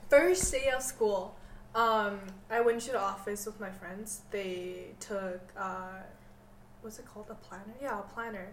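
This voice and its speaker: A woman's voice: medium pitch, measured pace. Teen woman, exasperated storyteller, roomy distant sound with faint noise behind. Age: teens. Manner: exasperated, emphatic, "oh my God". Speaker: guest. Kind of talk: casual chat, storytelling.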